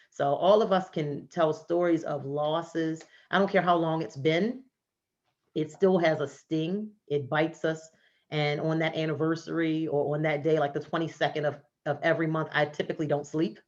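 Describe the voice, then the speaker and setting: A woman hosting a virtual book launch, sharing her grief over a son's death in a halting way with repeated words, over a video call. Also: low voice. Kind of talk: emotional personal sharing. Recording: dull lo-fi video call audio.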